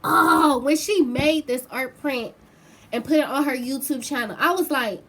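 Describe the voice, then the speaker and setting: Young woman, high voice, gushing, excitable, unhurried casual vlog talk. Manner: gushing, excitable, squeals and laughs often. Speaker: vlogger. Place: home bedroom.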